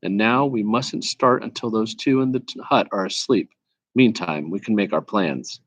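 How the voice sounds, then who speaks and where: A man's voice: lowish voice, no echo, lightly acted. A man doing a proud, blunt talking war horse. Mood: gentler. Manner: brisk, lecturing, faintly scornful. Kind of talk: storybook read-aloud.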